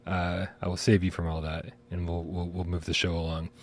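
A man's voice: sits low, completely flat delivery, brisk, dry recording. A man co-hosting a live gaming stream, rambling and swearing casually, often laughing. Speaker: podcast co-host. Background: sirens outside.

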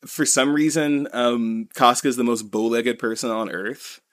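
A man's voice: medium pitch, unhurried, a bit bright. A man co-hosting a podcast, recapping a comic in casual chat, rambling and full of "you know" and "like". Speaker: podcast co-host.

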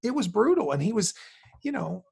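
A man's voice: sits high, very animated, brisk, gravelly, darkish tone, breathy edge. A man with a Kentucky accent hosting a podcast over a video call, telling a personal story in a candid, rambling way with frequent restarts. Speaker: podcast host. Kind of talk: casual video-call conversation.

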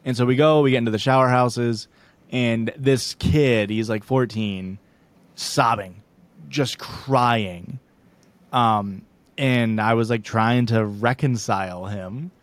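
A man's voice: mid-range voice, slow pace, dry recording. A young man co-hosting a podcast, telling rambling, self-deprecating stories in casual chat and laughing often. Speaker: podcast co-host.

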